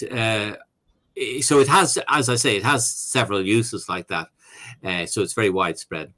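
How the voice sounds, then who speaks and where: A man's voice: on the low side, pushed and bright. A man, an author and academic, answering questions on a video call in a hesitant conversational way with many fillers and restarts. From Ireland.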